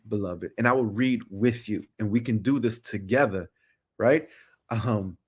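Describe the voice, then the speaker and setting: A middle-aged man speaking as a podcast guest in casual chat, passionate, repeating phrases for emphasis. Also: mid-range voice.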